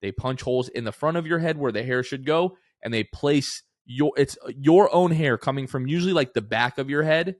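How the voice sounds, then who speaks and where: A man in his late twenties co-hosts a casual podcast, telling stories with animated quoted voices. His voice sits at a middle pitch and is recorded close and dry. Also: normal speed, hardly any pauses, dry recording. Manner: animated storyteller, acts out quotes. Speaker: podcast co-host. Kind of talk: casual chat.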